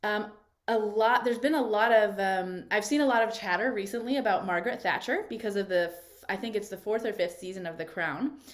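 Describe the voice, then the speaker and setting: A woman's voice: mid-range voice, a little fast. A woman voice coach leading a live online workshop over a video call, talking in an encouraging, conversational way and often checking in with "right?".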